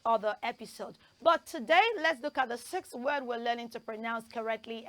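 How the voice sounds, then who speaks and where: High-voiced woman teaching children. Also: dry recording. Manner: drills words slowly, letter by letter; lively call-and-response teacher voice. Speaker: children's TV presenter. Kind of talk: pronunciation lesson for children.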